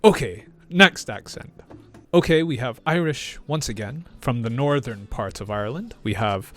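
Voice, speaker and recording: A man, an English teacher explaining clearly and repeating words for learners. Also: fairly low pitch, a bit bright. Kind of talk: reaction video lesson.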